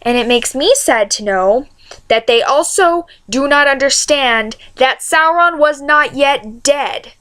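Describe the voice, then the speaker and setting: A woman's voice: sits high, slow pace. Rambling woman on a fan rant. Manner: rambling, excitable, self-interrupting. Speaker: vlogger. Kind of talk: casual fan rant to camera.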